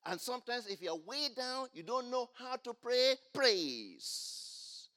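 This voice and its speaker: A man preaching a sermon, asking the congregation to finish his lines and swinging between quiet explanation and loud exclamations. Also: very high-pitched, big pitch swings, slow. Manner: call-and-response preaching, rising to loud exclamations. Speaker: pastor.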